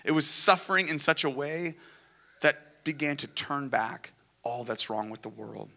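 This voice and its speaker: Male pastor, bright voice, earnest preaching that builds to excitement. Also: fairly high pitch, unhurried, gravelly. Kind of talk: sermon. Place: church sanctuary.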